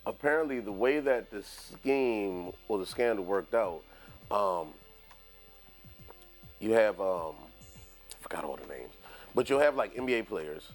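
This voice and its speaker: Male sports-podcast host, low and animated, rambling and laughing. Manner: rambling, full of fillers and laughter. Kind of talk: casual sports chat.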